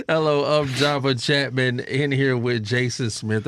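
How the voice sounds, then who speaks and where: A man delivering a playful, energetic fundraising pitch for a radio station. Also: unhurried, hardly any pauses, soft background music.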